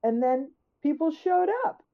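A woman's voice: sits high, measured pace. Emphatic woman on a tinny phone-like line. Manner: emphatic, acts out her own questions. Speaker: guest author. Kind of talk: conversational storytelling.

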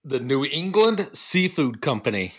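A man co-hosts a podcast in a relaxed, easygoing way. He often jokes about himself. His voice sits at a middle pitch. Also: unhurried, husky. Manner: laid-back, self-deprecating. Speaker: podcast co-host. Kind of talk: casual chat.

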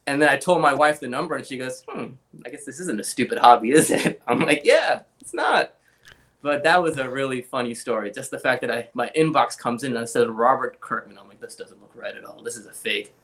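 Man, young adult, interview guest, mid-pitched, storyteller who acts out quotes. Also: quick pace, few pauses. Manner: animated anecdotes, acts out quoted voices. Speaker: guest, comic art collector.

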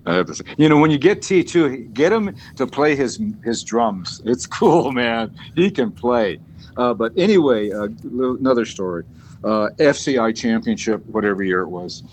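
Brief: male podcast guest, animated storyteller, profane, stumbling repeats. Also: medium pitch, normal speed, a little hiss or hum, low-quality recording. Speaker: podcast guest, dog sport trainer. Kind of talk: casual storytelling.

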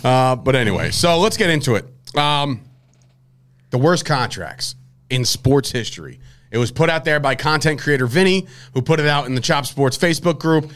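A young man hosting a casual sports podcast, rambling and animated, often breaking off mid-sentence. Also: medium pitch, moderate pace. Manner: rambling, animated, self-interrupting. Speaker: podcast host.

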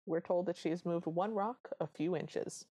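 A woman co-hosting a podcast, recapping a film in animated casual chat. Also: on the low side, measured pace, slightly rough. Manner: animated storytelling. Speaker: podcast co-host.

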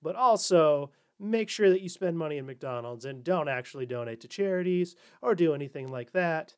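A man's voice: fairly high pitch, animated, normal speed, hardly any pauses. A man hosting a comedy podcast, delivering a sarcastic monologue and slipping into mocking corporate voices. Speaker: podcast host.

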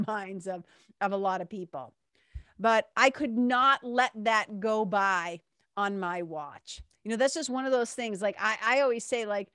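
A woman's voice: on the high side, no echo, studio quality. A woman telling a personal story in an earnest, reflective way, acting out the dialogue she recounts.

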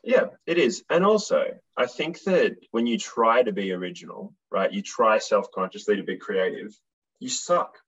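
A man with an Australian accent speaks as a guitarist and songwriter in a relaxed interview. His voice sits low and sounds husky, and the recording is dull and lo-fi. He tells stories bluntly and swears freely. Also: normal speed. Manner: blunt, swearing, animated storyteller. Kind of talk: casual chat.

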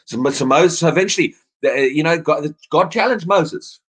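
A man's voice: a little high, moderate pace, slightly rough. A man preaching an evening sermon, earnest, often repeating words as he restarts his phrases.

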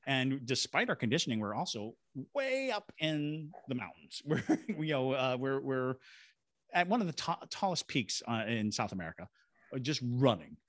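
Lively, animated male storyteller. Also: medium pitch, normal speed, no room sound. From Savannah, Georgia. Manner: lively storyteller who acts out voices and sound effects. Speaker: guest, paranormal investigator and ghost tour guide. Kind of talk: animated storytelling in a podcast interview.

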